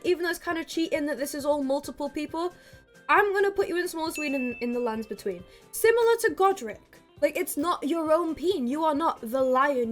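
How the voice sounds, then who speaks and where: A woman giving casual, giggly and profane gaming commentary as a streamer. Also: high voice. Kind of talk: casual tier-list commentary.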